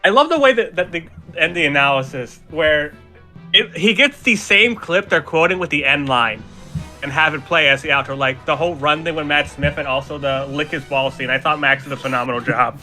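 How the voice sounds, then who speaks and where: A man co-hosts a casual chat podcast, and his voice is bright and forceful. He sits slightly high in pitch and talks eagerly, often jumping in over the others. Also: a little fast, faint music behind. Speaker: podcast co-host. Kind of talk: casual chat ranking cartoon episodes.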